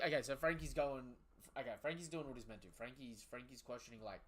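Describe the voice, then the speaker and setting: A man hosting a live reading reaction to a comic, excitable and exclamatory, swearing casually. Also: medium pitch, quick pace, slight background noise. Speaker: manga reaction host.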